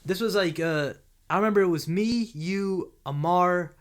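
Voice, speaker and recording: A man's voice: high-pitched, measured pace. A young man co-hosting a podcast, telling a campus story in a laid-back, slangy way. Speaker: podcast co-host. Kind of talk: casual storytelling chat.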